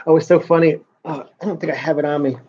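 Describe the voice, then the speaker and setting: A man's voice: a little high, steady tone, fast talker, warm tone, slightly rough. A man in his forties with a New York accent, chatting casually to viewers on a live stream, rambling and stop-start. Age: 40s. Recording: dull lo-fi stream audio.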